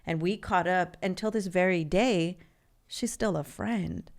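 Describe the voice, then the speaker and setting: A woman in her forties from California, a podcast guest telling her life story in a candid, earnest way. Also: fairly low pitch. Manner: earnest and open, with halting restarts.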